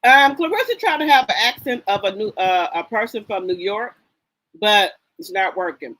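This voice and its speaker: A woman's voice: mid-range voice, lively intonation, normal speed, a bit bright, poor audio. A woman hosting a live stream, chatting casually about gossip and greeting viewers by name in a sassy, chatty way. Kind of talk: casual gossip commentary, reading chat aloud.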